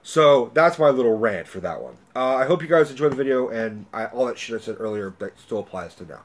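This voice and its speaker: A man's voice: mid-range voice, lively intonation, fairly quick. A man vlogging a film review as a casual, profane rant, rambling and talkative with lots of filler words.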